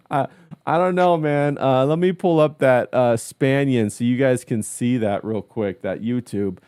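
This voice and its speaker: A man hosting a livestream in casual chat, halting with many fillers as he reads the chat aloud. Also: mid-range voice, darkish tone, clear, resonant tone. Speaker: livestream host.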